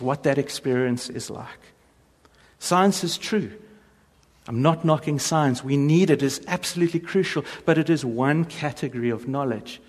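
A man giving a humorous faith talk to an audience, telling stories with jokes and quick impressions. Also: medium pitch. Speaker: speaker. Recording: long reverb of a large hall.

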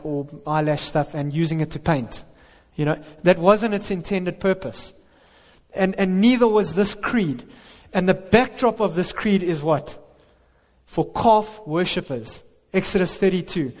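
High-voiced man preaching in a reverberant hall. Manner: earnest, emphatic, rhetorical questions. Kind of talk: sermon.

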